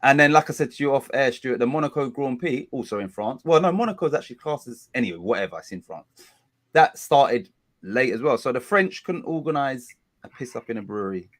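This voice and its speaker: A man's voice: mid-range voice, lively intonation, brisk, fairly bright tone. Rambling man hosting a stream. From England. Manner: rambling, chatty, self-correcting. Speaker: watch-along host. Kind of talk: casual live-stream chat.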